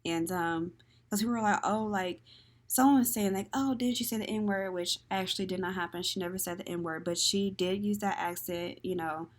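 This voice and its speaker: A woman's voice: fairly low pitch, fairly even intonation, normal speed. A woman hosting a solo podcast, talking candidly with lots of "like" and "um" and airing strong opinions. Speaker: podcast host. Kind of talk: casual solo podcast commentary.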